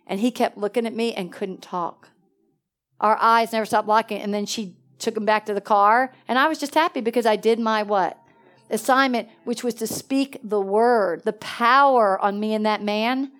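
A woman preaching in a lively storytelling way, jumping from excited bursts to hushed, quiet asides. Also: on the high side, moderate pace. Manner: animated, swings between excited exclamations and hushed asides. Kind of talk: storytelling sermon.

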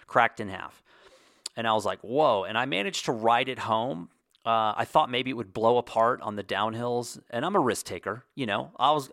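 Animated man telling a story, dry close sound. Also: fairly low pitch, dry recording. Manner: animated, acts out quotes in his own voice. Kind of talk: casual storytelling monologue.

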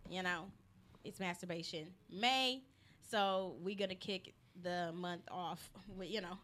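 A woman's voice: lowish voice, unhurried, a bit bright. Brash joking woman hosting a podcast. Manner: brash, joking, laughs often. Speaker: podcast host. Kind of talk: casual chat. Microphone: studio mic.

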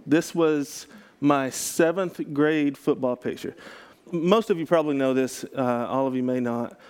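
Man, pastor from Texas, relaxed teaching talk, clean resonant voice, middle pitch, self-correcting. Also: a little slow, smooth. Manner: conversational, self-correcting, joking asides. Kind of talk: casual teaching talk to a group.

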